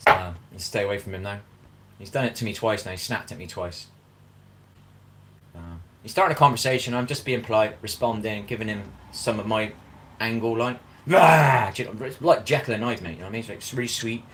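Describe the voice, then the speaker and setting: A man rambles quickly through a casual live-stream chat, his words tumbling out at a rushed clip. He keeps circling back to "do you know what I mean" as he talks. A faint hum of outdoor ambience sits behind him. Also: lowish voice, fairly bright tone. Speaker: vlogger. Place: outdoors in a park.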